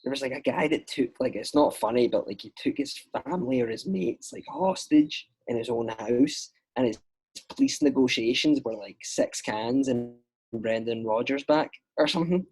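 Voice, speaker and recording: A man's voice: mid-range voice, moderate pace, darkish tone, slightly rough, poor audio. A man with a Scottish accent, a podcast guest and writer, chatting casually and rambling with lots of filler words. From Scotland. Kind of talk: casual chat.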